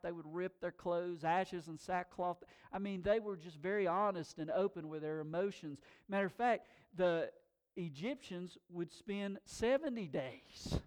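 Middle-aged male pastor, slightly higher voice, casual emphatic sermon with stumbling repeats. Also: darkish tone, smooth. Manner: conversational, emphatic, with stammered repeats.

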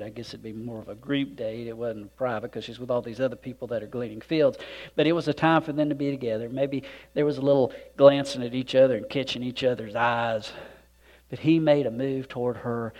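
A man preaching a sermon with folksy conversational asides, swinging from loud emphatic points to hushed, near-whispered moments. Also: medium pitch. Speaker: pastor.

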